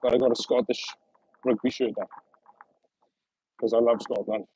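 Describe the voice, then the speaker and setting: A man's voice: medium pitch, steady tone, normal speed, mellow, husky, low-quality recording. A young man with a Welsh accent, chatting casually to viewers on a live stream from outdoors, often laughing as he reads out and answers comments. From Wales. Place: outdoors on an early summer evening. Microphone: phone on mobile data.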